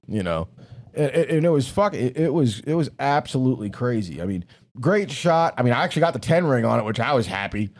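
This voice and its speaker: A man's voice: medium pitch, big pitch swings, brisk, a little mellow. Profane, rambling man podcast host. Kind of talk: casual chat.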